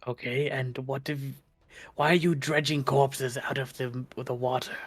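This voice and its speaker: A man's voice: mid-range voice, level tone, unhurried, husky. A man playing a stern, curt lizardfolk warrior. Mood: exasperated. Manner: curt and exasperated. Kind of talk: live tabletop role-play.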